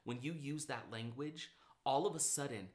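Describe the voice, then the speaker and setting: A motivational speaker by trade, this man tells stories in casual conversation, animatedly acting out his own inner dialogue. His voice is mid-range and his pace moderate.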